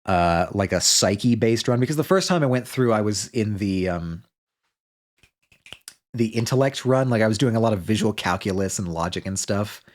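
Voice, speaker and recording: A male streamer thinking aloud in casual chat, rambling and restarting his sentences. His voice sits a bit low. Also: lively intonation, moderate pace. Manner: rambling, self-interrupting, many restarts and fillers.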